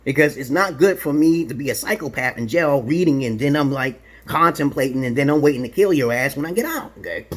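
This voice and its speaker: This Brooklyn vlogger, a man with an expressive, medium-pitched voice, speaks a little fast with few pauses. He rambles through a casual monologue in a boastful, provocative, profane way, punctuating his points with "okay?".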